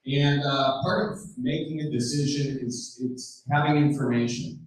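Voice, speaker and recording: A man's voice: mid-range voice, fairly even intonation, a little slow. A man from Wisconsin, speaking casually at a community meeting, joking and rambling through anecdotes. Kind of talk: casual public talk with jokes. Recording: very echoey hall, voice far from mic.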